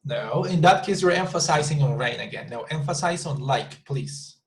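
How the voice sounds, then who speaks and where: A man teaching an online English class, patiently repeating words and slowly modelling sample sentences. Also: a little high, lively intonation, low-quality recording.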